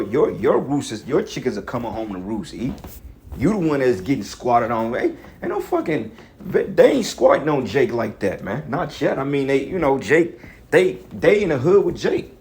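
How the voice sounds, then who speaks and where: A man's voice: medium pitch, big pitch swings, normal speed, a little mellow, slightly rough. A man preaching an angry, profane street sermon in African American Vernacular English, ranting and cursing between scripture readings. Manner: reads scripture aloud.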